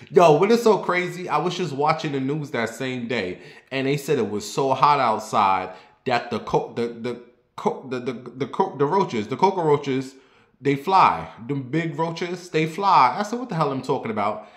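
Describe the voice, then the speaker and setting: A man from the New York area telling a personal story in a sassy, animated, profane way. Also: medium pitch. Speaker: vlogger. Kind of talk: casual storytelling. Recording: roomy echo.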